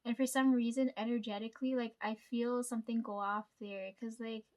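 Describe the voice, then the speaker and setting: Woman vlogger with a high voice, rambling storyteller, swears a lot, leans on "like" and "right?". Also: fairly even intonation, brisk, darkish tone. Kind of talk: casual storytime chat.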